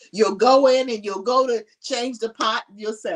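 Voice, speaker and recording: A woman's voice: on the high side, a little slow, far from the mic. A woman speaking on a conference panel, giving earnest and emotional personal testimony and often laughing.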